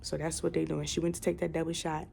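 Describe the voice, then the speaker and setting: Gravelly low-voiced woman chatting. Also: level tone, quick pace, a little mellow, a little hiss or hum. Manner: chatty, rambling retelling with fillers and swearing. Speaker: book reviewer. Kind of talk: casual book review chat.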